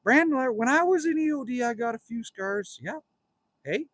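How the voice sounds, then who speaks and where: A man's voice: extremely high pitch, lively intonation, normal speed, a bit bright, no room sound. A Canadian man in his fifties, chatting casually on a livestream from his cabin, reading out viewer comments and joking with them in a rambling way. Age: 50s. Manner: rambling, jokey, talks straight to viewers. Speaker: livestream host. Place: outdoors at a cabin.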